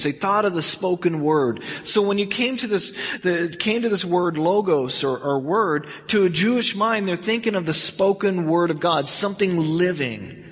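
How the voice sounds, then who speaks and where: Guy teaching bible study, talks casual but pushes his points hard, keeps restarting lines, voice sits pretty high. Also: lively intonation, normal speed, a bit bright. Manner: conversational, emphatic, with frequent restarts. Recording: long hall reverb.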